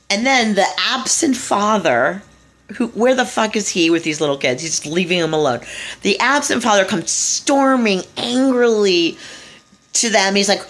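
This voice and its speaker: Brief: woman, slightly low voice, casual monologue, blunt and scornful, swears freely. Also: lively intonation, a bit bright. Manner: fast, loose, with frequent restarts and asides. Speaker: speaker giving a talk. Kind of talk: casual monologue retelling a story.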